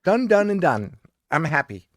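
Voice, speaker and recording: A man co-hosting a podcast, chatting casually and excitedly about a horror movie, swearing often. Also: a little high, normal speed, slight background noise. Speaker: podcast co-host.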